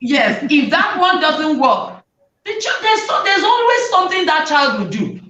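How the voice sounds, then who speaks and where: Animated woman host in a roomy space. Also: sits high, a little slow. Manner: animated, acts out parents' and children's lines. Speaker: talk show host advising parents. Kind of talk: conversational advice talk. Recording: roomy, distant, dull sound.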